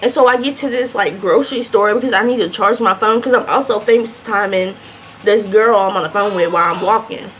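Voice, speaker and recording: A young adult woman vlogger chatting through a mukbang storytime, telling her story in an animated, chatty way between bites. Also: medium pitch, brisk, a little hiss or hum.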